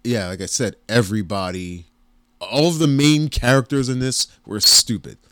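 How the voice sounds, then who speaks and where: A man's voice: mid-range voice, moderate pace, a bit bright, clean tone, no echo. A man co-hosting a podcast, blunt and dry as he teases his friend. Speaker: podcast co-host. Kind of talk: casual podcast chat.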